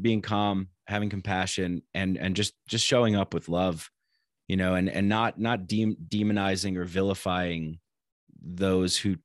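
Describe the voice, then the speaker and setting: A man with a very low voice speaks as a guest on a podcast, thinking aloud in a halting, reflective way and often circling back over his words. The recording is dry and close, with no room sound. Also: no echo. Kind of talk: casual conversation.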